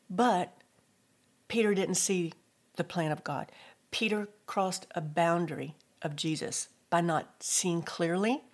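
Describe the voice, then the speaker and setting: A middle-aged woman giving a devotional teaching talk, telling personal stories and lifting her voice for scripture quotes. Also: on the low side. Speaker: Christian speaker.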